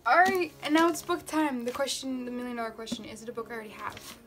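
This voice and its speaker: Young woman, high bright voice, gushing unboxing vlogger, light music under her. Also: fast talker. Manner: gushing, excitable, chatty with fillers. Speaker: book vlogger. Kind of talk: casual unboxing vlog.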